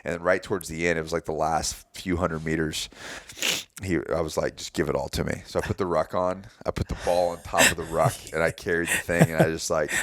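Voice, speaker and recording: Deep gravelly man in his forties. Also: little pitch movement, brisk, slight background noise. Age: 40s. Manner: blunt, rambling, searches for words. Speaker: podcast host. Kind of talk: casual chat.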